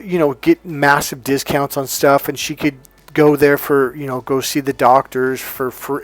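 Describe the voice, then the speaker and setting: A man talking casually as a dating coach, telling a story with lively asides and quoted voices. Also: medium pitch, no echo. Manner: animated, mimics voices in quoted dialogue, laughs often.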